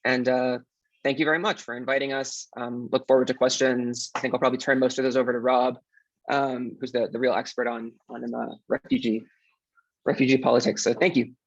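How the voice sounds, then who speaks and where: A man's voice: mid-range voice, little pitch movement, brisk, no echo. A man presents his research project in an online workshop, casual and easygoing with frequent fillers. His mid-range voice sounds dry and close, muffled by the video-call audio.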